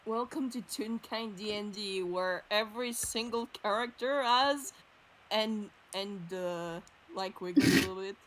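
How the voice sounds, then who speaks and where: A woman's voice: medium pitch, measured pace, fairly bright tone, a little hiss or hum, poor audio. A woman playing a tabletop game, making joking remarks. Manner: joking, laughs often. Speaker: player. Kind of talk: tabletop role-play chat.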